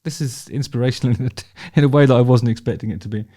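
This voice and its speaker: Here a man with a medium pitch and a dark tone talks rapid-fire while reacting to concert video. Casual and opinionated, he swears a lot, often restarts what he's saying, and laughs along in a chatty way.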